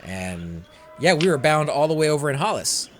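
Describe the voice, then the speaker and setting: A man's voice: a little high, sing-song, normal speed, slight background noise. A man hosting a gameplay session, chatting casually with friends and thinking aloud as he plays. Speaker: gameplay host. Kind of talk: casual voice chat while playing.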